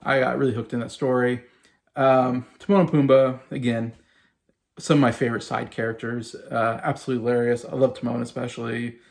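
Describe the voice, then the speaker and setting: A man in his thirties talks casually to his viewers, full of enthusiasm and loose fillers. His mid-pitched voice has a gravelly, fry-heavy texture. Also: flat delivery, a little fast. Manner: enthusiastic, rambling with many fillers. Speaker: YouTube host ranking movies. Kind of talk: casual chat.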